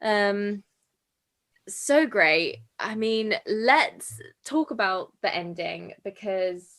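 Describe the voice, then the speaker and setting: A woman's voice: medium pitch, drawn-out words, a bit bright. A woman hosting a casual film podcast, emotional and tearful, laughing through tears and saying "like" a lot. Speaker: podcast host.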